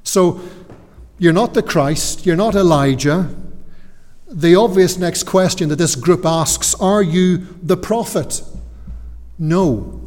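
Slow, earnest preacher man. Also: on the high side, a little mellow, big-room sound. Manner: earnest, emphatic, deliberate pauses. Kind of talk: sermon. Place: church.

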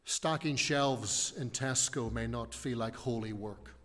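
Male preacher, earnest sermon, slow emphatic stresses, long church-hall reverb. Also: mid-range voice, fairly bright tone.

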